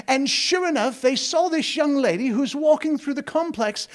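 A man's voice: very high voice, expressive, normal speed, few pauses. A man speaking to a congregation as a visiting missionary, telling a story in a folksy, joking way and often talking straight to his listeners. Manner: folksy, joking, digressive, addresses the congregation directly. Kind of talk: storytelling sermon.

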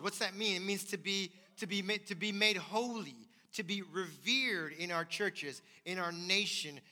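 A man's voice: high voice, normal speed, few pauses, bright, forceful tone. A man preaching a sermon as pastor, emphatic and repeating his key phrases. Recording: long hall reverb.

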